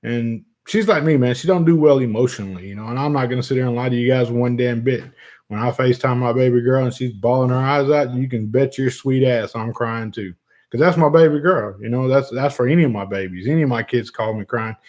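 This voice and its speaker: Middle-aged man chatting on a casual livestream, cussing freely and laughing at his own jokes. His voice sits at an ordinary pitch for a man, and he moves easily between loose banter and earnest talk with viewers. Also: fairly quick, a little mellow. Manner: profane, joking, laughs often. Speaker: vape channel host. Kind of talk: casual livestream chat reading viewer comments.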